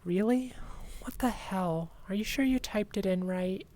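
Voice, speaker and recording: A woman reading as a frightened young neighbor in a horror story, slow and pleading, her voice climbing higher and louder as she insists she is real. She sounds upset and defensive. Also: lightly acted. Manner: pleading, upset, rising to shouts.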